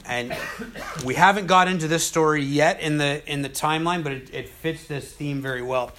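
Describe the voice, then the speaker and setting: A man leads a relaxed Bible study and retells the stories in his own words. His talk is conversational and lively, and his voice sits a little high for a man. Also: moderate pace. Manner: conversational, animated storytelling. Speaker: Bible teacher. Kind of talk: casual Bible study teaching.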